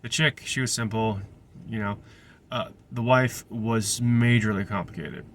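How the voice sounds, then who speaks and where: A man's voice: lowish voice, steady tone, measured pace, slight background noise. A young man, a restaurant server, casually telling a rambling story full of restarts and digressions.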